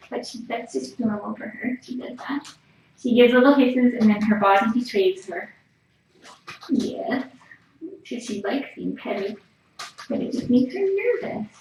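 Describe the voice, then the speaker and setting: Speaking to a live stream camera in a small cat rescue room, this woman talks casually and softly coos at a cat in whispered baby talk. Her voice runs on the high side. Captured by a camera mic across the room, she sounds distant and echoey, with faint room noise and cats behind her.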